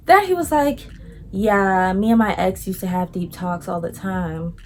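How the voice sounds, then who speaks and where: A woman vlogger telling a casual story in a lively way, acting out what other people said and using a lot of slang. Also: a little high.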